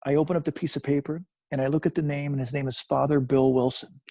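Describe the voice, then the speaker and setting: Gravelly man telling his story on a call. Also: a little high, quick pace. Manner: animated storyteller who repeats phrases for emphasis. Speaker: guest in recovery. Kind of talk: personal storytelling. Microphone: video call.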